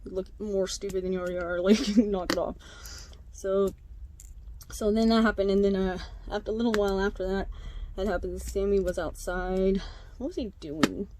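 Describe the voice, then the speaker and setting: A young woman vlogging to camera, retelling neighborhood gossip in a casual, animated way with voiced quotes, fillers and laughs. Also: medium pitch, normal speed, a little hiss or hum. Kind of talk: casual storytelling chat.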